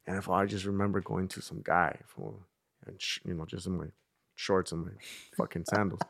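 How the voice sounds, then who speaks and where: A young man telling a story to friends in casual chat, animated, swearing freely, full of slang and acting out what people said. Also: sits low, a little fast, creaky.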